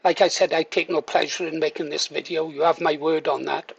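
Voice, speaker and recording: A man's voice: on the high side, fairly even intonation, a little fast, vocal fry, breathy edge, no echo, dull audio. A man giving casual to-camera commentary, wry and mock-reluctant, then firmly emphatic. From Wales. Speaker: political video commentator.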